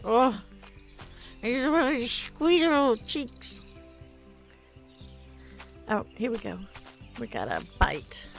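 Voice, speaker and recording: A woman's voice: a little high, sing-song, slow, gravelly, long pauses, soft background music. Tired chatty woman streamer. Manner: chatty, reads viewer comments aloud. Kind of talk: casual gameplay stream chat.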